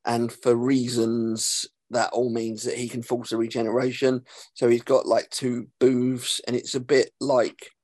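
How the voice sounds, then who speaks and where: A man's voice: mid-range voice, flat delivery, a little slow, darkish tone, dry recording. Sarcastic man recapping. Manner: sarcastic, swears freely, many ums. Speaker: podcast host. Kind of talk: casual chat recapping an episode.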